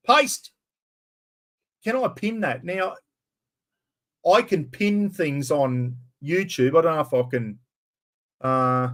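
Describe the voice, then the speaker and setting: An Australian man hosting a casual live stream, loud and rambling, swearing freely as he chats. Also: fairly high pitch.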